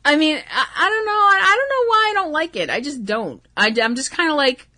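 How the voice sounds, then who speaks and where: A woman's voice: high-pitched, very animated, brisk, bright, forceful tone. A woman hosting a wrestling talk show, chatting casually and gushing, with lots of ums and restarts. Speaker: host. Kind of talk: casual solo podcast chat.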